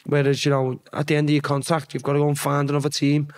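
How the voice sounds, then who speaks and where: Speaking quickly in thick Scouse, this young Liverpool man, once a footballer, spins casual stories as a guest on a podcast. His delivery is relaxed and lively, full of swearing, with a voice pitched a touch above the typical man's.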